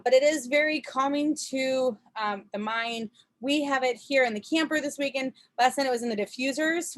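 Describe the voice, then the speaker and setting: A woman chatting casually on a video call from a camper, telling a story with frequent laughs, fillers and restarts. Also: on the high side. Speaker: presenter.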